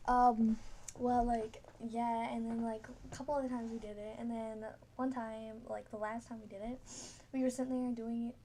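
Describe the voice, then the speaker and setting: A woman's voice: a little high, little pitch movement, moderate pace, mellow, slight background noise. A teenage girl telling a story casually, rambling with many fillers and frequent giggles.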